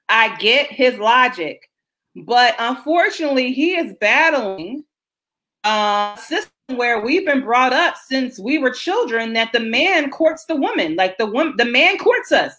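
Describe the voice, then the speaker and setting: A woman's voice: fairly high pitch, bright, forceful tone. A woman hosting a casual livestream chat over a video call, chatty and explaining as she tells stories. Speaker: host.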